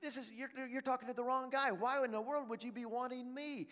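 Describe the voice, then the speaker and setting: Man playing a flustered reluctant shepherd, high voice, big-hall reverb. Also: fairly even intonation, brisk, a bit bright. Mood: protesting. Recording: long reverb in a large hall.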